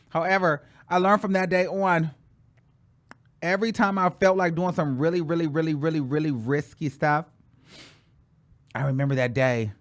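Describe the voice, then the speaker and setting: A man hosting his own show, telling a story in a sassy, dramatic way and calling his listeners "girl", with sudden loud exclamations. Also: a little high. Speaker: show host. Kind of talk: casual storytelling chat.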